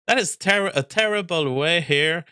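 A man's voice: a little high, unhurried, bright, forceful tone, clean tone, no room sound, clean studio sound. A man hosting a show and giving a casual spoken film review, exasperated and rambling, often breaking off and restarting sentences.

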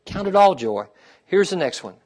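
A middle-aged male pastor preaching a sermon, checking in with the congregation with "okay?" and "amen?" and dropping to a quiet, heartfelt tone when he talks about his own trials. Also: high-pitched, sing-song, moderate pace.

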